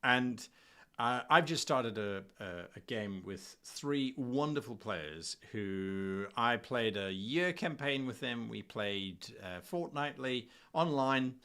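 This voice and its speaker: A male host with a bright, ringing voice tells stories with a lot of swing in his pitch. He is animated and quick to laugh as he talks shop with a guest. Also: clear, resonant tone. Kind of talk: casual podcast chat.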